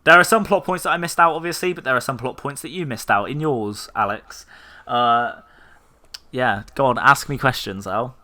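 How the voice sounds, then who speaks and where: A man's voice: medium pitch, normal speed, sharp tone. A man hosting a casual podcast, recapping a show in a rambling, joking way with lots of ums and uhs. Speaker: podcast host. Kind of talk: casual chat.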